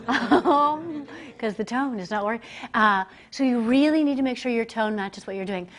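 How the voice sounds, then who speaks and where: A woman working as a communication coach, giving a lively, conversational business presentation to a group and acting out the voices she quotes. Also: a little high, normal speed. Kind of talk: live business presentation to an audience. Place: presentation room, speaking standing before a group.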